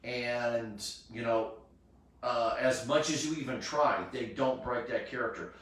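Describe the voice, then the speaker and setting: A man's voice: mid-range voice, fairly even intonation, a little slow, fairly bright tone. A man hosting a casual charity live stream, rambling with lots of fillers and restarts. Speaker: charity cosplay event host. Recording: echoey room, distant mic.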